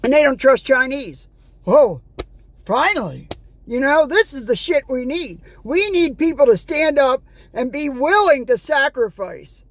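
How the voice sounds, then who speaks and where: High-voiced woman in an exasperated rant. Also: animated, a little slow. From United States. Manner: ranting, exasperated, sarcastic; reads news headlines aloud. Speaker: vlogger. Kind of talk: angry political rant vlog.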